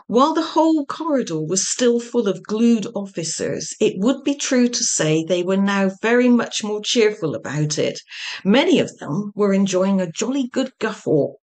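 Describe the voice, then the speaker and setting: A woman, an author, reading an extract from her own comic novel in a deliberate, wry narrating manner. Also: medium pitch, a little mellow.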